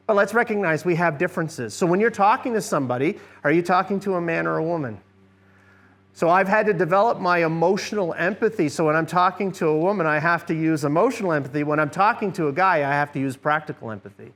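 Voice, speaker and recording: A man's voice: sits high, fairly quick, a bit bright. A middle-aged man giving a conversational church workshop lecture, often asking the audience questions. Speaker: seminar presenter.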